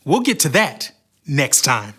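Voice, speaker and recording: A man narrating a Bible story for children in a dramatic, expressive way. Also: medium pitch, unhurried, husky.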